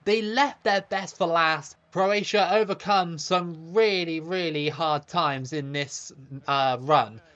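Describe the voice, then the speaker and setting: Excited high-voiced gaming host. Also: male voice, highs cut off. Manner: eager, quick, cheering his own goals. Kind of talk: excited play-by-play over gameplay.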